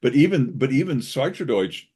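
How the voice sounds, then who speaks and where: Husky lowish guy, voice goes up and down a lot, easygoing. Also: moderate pace. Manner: lively, agreeable, trails off. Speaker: voice actor guest. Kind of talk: casual interview chat.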